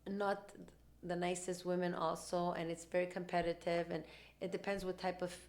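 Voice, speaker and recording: Fast-talking, animated woman podcast host. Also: lowish voice. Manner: rapid, animated talk, acting out quoted dialogue. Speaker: mother. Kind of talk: casual conversational storytelling.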